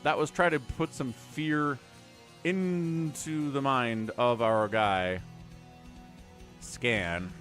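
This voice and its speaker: A man hosting a live stream and giving chatty, excitable commentary on an esports match, thinking aloud as the play unfolds. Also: medium pitch, very slow, long pauses, soft background music. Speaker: game commentator and stream host.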